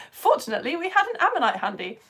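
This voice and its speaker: A woman from the UK teaching a live online science lesson, chatty and enthusiastic, laughing often as she reads out viewer comments. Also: extremely high pitch. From United Kingdom.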